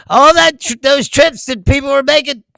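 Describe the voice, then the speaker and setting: A livestream host, a man, talks casually with his viewers and reads their comments aloud. He laughs often and swears freely. His voice is high and very gravelly, and it sounds dry and close, with no room around it. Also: normal speed, pushed and bright, no echo.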